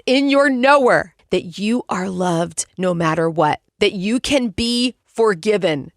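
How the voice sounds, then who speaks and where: High-voiced earnest woman teaching Bible. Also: fairly bright tone, dry recording, studio quality. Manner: earnest, exclaiming, speaks straight to the listener. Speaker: devotional podcast host. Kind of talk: devotional Bible reading and teaching.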